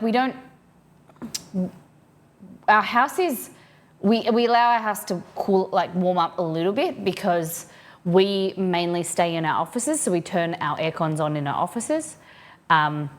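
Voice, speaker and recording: A woman's voice: medium pitch, takes it slowly, pauses often. An Australian woman livestreaming from her home office, chatting casually and rambling as she reads out viewers' messages.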